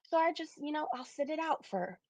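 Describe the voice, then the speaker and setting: A woman's voice: high-pitched, lively intonation, fairly quick, darkish tone, no echo. A woman hosting a casual livestream, rambling with lots of fillers and frequent laughs. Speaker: livestream host.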